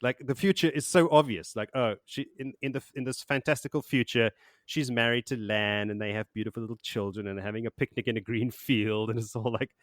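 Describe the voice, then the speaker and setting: A man's voice: mid-range voice, fairly even intonation, fairly quick, no room sound, studio quality. A man hosting a podcast, chatting casually and rambling as he recaps a book, laughing and swearing now and then. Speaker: podcast host.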